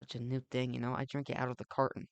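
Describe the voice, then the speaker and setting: A young let's play host rattles off an ironic, swear-filled comedic monologue over gameplay, his gravelly, fry-heavy voice piling on fillers and tangents. He talks very fast in a mid-range voice with a completely flat delivery, and the recording is dry and close with no room around it.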